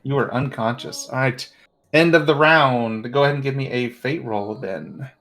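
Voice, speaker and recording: A man acting as game master, calmly making matter-of-fact rulings in a tabletop game. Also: mid-range voice, normal speed.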